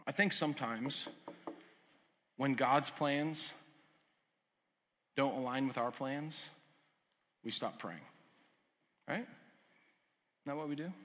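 A man preaching a sermon as pastor, swinging from loud urgent emphasis to quiet lowered asides. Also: slow, long pauses. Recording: long hall reverb.

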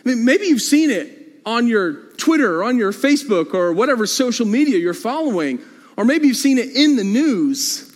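A male pastor preaching a sermon in a church, with animated delivery and frequent repeated phrases. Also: very high-pitched, moderate pace, big-room sound. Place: church sanctuary.

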